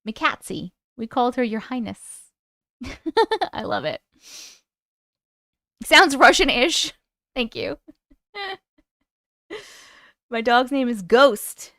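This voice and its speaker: A woman's voice: sits high, sing-song, slow, long pauses, fairly bright tone, dry recording, studio quality. A young adult woman hosting a live stream, chatting casually and laughing as she reads viewers' comments aloud. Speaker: YouTube live host.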